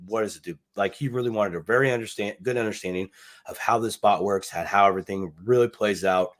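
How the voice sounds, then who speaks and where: A man co-hosts a casual live chat about money, his voice sitting a bit low. He rambles, repeats words as he restarts his thoughts, and leans on easygoing slang. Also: fast talker. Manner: casual slang, says dude and bucks. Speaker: podcast co-host.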